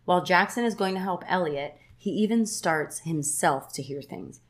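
A woman's voice: fairly low pitch, normal speed. A woman co-hosting a casual podcast, retelling a film plot in a chatty way with lots of "like". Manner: chatty storyteller, says "like" a lot, quotes characters in a livelier voice.

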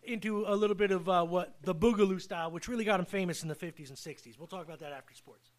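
A man co-hosting a casual radio show, loud and joking, swearing and laughing often, with music playing behind him. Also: high voice, fast talker.

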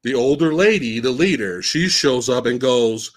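A man hosting a casual podcast, mocking a film's plot in a profane, animated way as he retells it. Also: mid-range voice, moderate pace, few pauses. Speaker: podcast host. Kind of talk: casual podcast film discussion.

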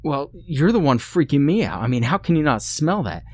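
A man's voice: fairly high pitch, very animated, normal speed, voice pushed up. A man voicing a frightened, irritable burly young man who keeps pleading and complaining as they explore. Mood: irate, squeamish.

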